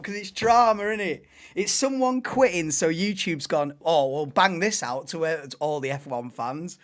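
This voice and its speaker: Male streamer in his 30s, lively swooping pitch, casual ranting banter. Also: moderate pace. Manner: ranting, laughing, animated banter. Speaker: livestream host. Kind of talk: casual live chat.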